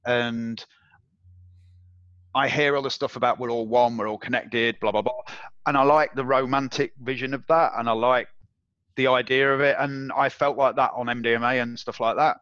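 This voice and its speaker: A man being interviewed, telling a personal story in a casual, animated way and acting out the voices of others. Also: medium pitch, normal speed, dry recording. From England. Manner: animated, acts out quoted voices, swears and laughs. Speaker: interview guest. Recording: dull, dry audio.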